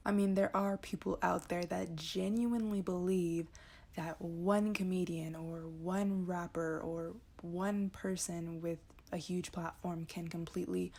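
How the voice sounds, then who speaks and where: A woman's voice: on the low side, steady tone, a little slow, a little mellow. A woman vlogger delivering a casual political rant in a blunt, profane and sarcastic way.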